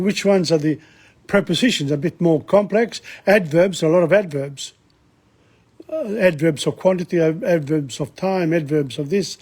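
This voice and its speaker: Male language teacher, slow and deliberate, slightly husky, explains grammar point by point. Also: on the high side, a little mellow. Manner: repeats words, breaks down grammar. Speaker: Italian teacher. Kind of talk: explaining song lyrics line by line.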